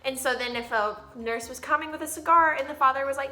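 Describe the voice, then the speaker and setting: A woman's voice: high-pitched, fairly even intonation, quick pace, hardly any pauses, sharp tone. A young woman, chatting casually and giggling as she acts out little quotes. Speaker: vlog co-host. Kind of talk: casual chat.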